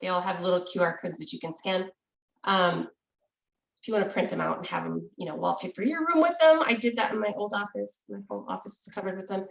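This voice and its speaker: A woman's voice: fairly low pitch, fast talker, creaky, reverberant, poor audio. A woman teaching a casual online language lesson, explaining in a chatty way and laughing easily, over a video call. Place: room with echo, video call.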